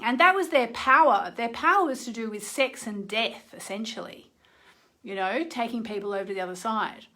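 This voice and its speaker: A woman's voice: fairly high pitch, fairly bright tone. A middle-aged woman astrologer hosting a live session from her phone, talking in a chatty way and often checking in with "okay?". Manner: chatty, keeps asking "okay?". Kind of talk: live-streamed talk and guided meditation.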